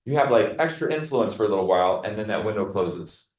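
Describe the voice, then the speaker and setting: A man's voice: lowish voice, quick pace. Man coaching his team in a roomy meeting room. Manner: animated, acts out client dialogue. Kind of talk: meeting talk.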